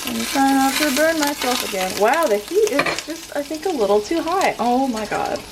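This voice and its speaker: A young woman chats casually as she cooks in her home kitchen, joking at her own expense and laughing often. Her voice sits a little high. Clear frying sizzle runs under her talk. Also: lively intonation, moderate pace, heavy background noise. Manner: chatty and self-mocking, laughs often. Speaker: home cooking vlogger. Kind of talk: casual cooking vlog chat. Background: sizzling and stirring from the pan.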